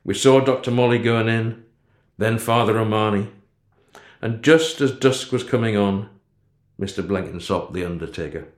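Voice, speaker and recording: A man narrating a story in the first person in a steady, low-key way. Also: normal speed, echoey room. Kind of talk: storybook reading.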